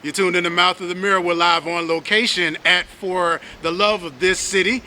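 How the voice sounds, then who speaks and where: A man's voice: high voice, steady tone, normal speed, sharp tone, a little hiss or hum. A man hosting an on-location interview, thanking guests and asking questions in an appreciative way. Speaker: host.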